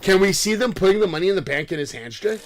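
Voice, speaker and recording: A man's voice: high voice, lively intonation, fast talker. A man co-hosting a casual wrestling podcast, laid-back and profane, tossing questions to his partner. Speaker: podcast co-host.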